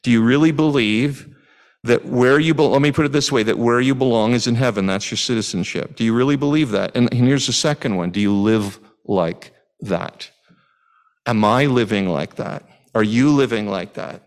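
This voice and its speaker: A man's voice: mid-range voice, moderate pace. A middle-aged man from Canada preaching a sermon, asking the congregation questions in a conversational way with frequent restarts. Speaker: pastor.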